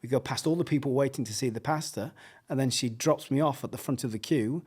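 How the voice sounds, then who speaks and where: A middle-aged English man telling a story casually, animated, laughing often and acting out the voices he quotes. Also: medium pitch, quick pace, breathy edge. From England. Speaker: podcast guest, pastor.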